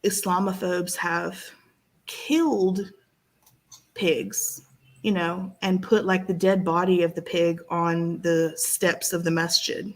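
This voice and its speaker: A woman's voice: on the low side, steady tone, takes it slowly, poor audio. Emotional rambling woman co-host. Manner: emotional, rambling with many restarts. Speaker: podcast co-host. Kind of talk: casual chat.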